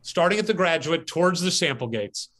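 A man hosts a podcast from outdoors and tells a story in a lively, animated way. His voice sits a little high and sounds bright and forceful. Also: a little fast. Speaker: podcast host. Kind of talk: casual storytelling. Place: outdoors as rain starts.

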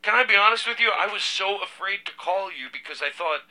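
A man's voice: high voice, animated, a little fast, pushed and bright, pitched above the performer's own voice, full character voice, low-quality recording. A man voicing an eager, awkward middle-aged caller reaching an old friend, in an improvised comedy bit.

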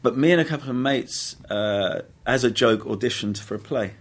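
A man's voice: mid-range voice, normal speed. A middle-aged man, an actor telling stories in a casual interview, rambling with restarts and frequent laughs. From England. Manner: rambling, self-correcting, laughs often. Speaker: actor, guest.

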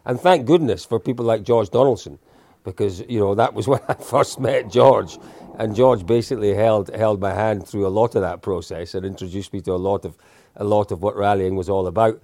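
A man's voice: lowish voice, fairly quick, darkish tone, no room sound. A man in his fifties, a guest telling casual stories in a chatty, self-deprecating way with lots of restarts. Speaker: interview guest. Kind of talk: casual storytelling.

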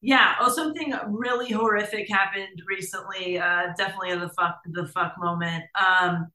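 A woman co-hosting a podcast, telling a story in casual chat with animated, profane energy. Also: medium pitch, moderate pace, roomy sound. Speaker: podcast co-host.

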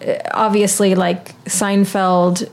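A woman's voice: mid-range voice, level tone, slow. A woman co-hosting a casual chat podcast, speaking loosely with many fillers. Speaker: podcast co-host.

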